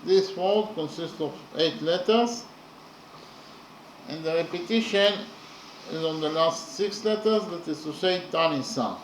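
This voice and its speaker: A man teaching a lesson on a poem, speaking haltingly with frequent pauses and spelling out letters one at a time. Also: on the high side. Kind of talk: slow spoken lesson. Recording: echoey room with faint background noise.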